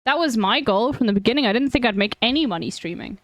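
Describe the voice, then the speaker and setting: A woman's voice: on the high side, lively intonation, fast, dry recording, studio quality. A woman streamer chatting frankly with viewers, giving blunt advice and swearing freely. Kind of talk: casual chat with viewers.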